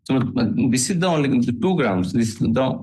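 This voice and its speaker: Hesitant Indian lawyer arguing in court. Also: male voice, medium pitch, animated, fairly quick, a little mellow. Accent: Indian English. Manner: hesitant, deferential. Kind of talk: courtroom argument.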